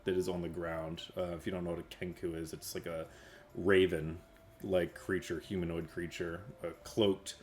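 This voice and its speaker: A man's voice: sits low, little pitch movement, normal speed. A man narrating as game master of a tabletop game, rambling through scenes with many fillers. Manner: rambling, filler-heavy storytelling.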